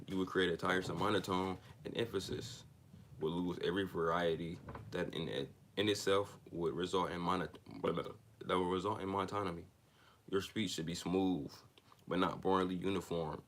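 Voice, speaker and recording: A man's voice: sits low, steady tone, moderate pace, fairly bright tone, a little hiss or hum. A man reading a self-help book aloud, stumbling and restarting on words, then drifting into loose, slangy asides.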